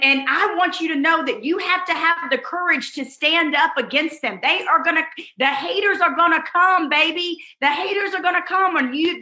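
High, bright-voiced woman teaching with emphasis. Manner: emphatic, repeats phrases for effect; addresses listeners fondly and directly. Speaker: online course instructor. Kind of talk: motivational teaching talk. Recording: roomy echo.

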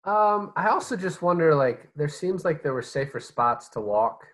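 A man's voice: fairly high pitch, sing-song, moderate pace, a bit bright. Wry man hesitantly recapping a movie. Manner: wry, hesitant, acts out scenes in mock voices. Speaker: podcast co-host. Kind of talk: casual movie discussion.

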